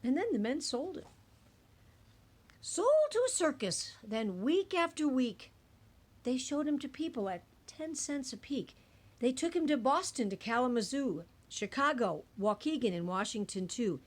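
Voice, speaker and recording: A woman reading a rhyming picture book aloud in an expressive, singsong way. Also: high voice, moderate pace. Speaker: storybook reader.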